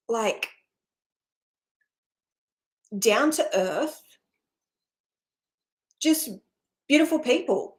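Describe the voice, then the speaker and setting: Middle-aged woman, higher voice, casual spiritual host, rambling and laughing. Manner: rambling, full of fillers and laughs.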